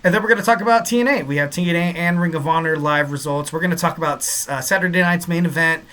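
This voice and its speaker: A Southern California man hosts a wrestling podcast in a casual, rambling, upbeat style, packed with fillers and repeated catchphrases. His voice is a little high, bright and forceful.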